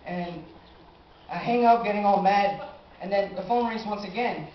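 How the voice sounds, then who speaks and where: An eighteen-year-old man telling a personal story on stage, animated and acting out his own reactions. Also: high-pitched, moderate pace, slight background noise. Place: live stage in a small cafe venue. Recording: roomy, dull amateur live recording.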